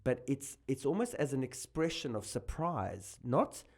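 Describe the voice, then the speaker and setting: A South African man talks as a guest comedian on a podcast. His voice sits at an ordinary middle pitch. He is animated and laughs easily, and he often breaks off and restarts his sentences. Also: unhurried. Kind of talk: casual podcast chat.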